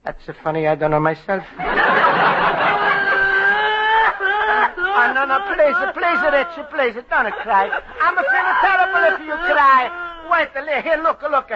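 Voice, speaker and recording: Effusive Italian immigrant man, Italian accent, broken English, strikingly high voice, hissy old radio broadcast. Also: big pitch swings, measured pace, pauses often, highs cut off, a loud crowd, heavily acted. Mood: comforting. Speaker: lead character. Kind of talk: 1950s radio sitcom acting.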